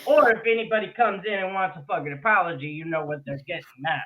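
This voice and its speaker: A woman's voice: lowish voice, fast. Blunt swearing woman, tinny phone sound. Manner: laughing, blunt, swears freely. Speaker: streamer host. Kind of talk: casual chat.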